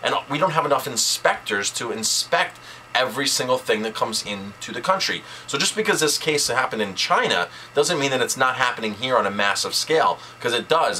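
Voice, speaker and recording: A man's voice: mid-range voice, pushed and bright, a little hiss or hum, rough recording. A man, a chef, speaking straight to camera in an indignant, emphatic vlog rant, repeating words for stress.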